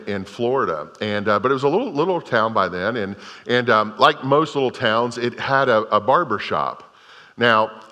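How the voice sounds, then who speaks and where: A man's voice: medium pitch, sharp tone. A middle-aged man preaching a sermon as a pastor, telling a story in a folksy way with many restarts. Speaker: Methodist pastor. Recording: long hall reverb.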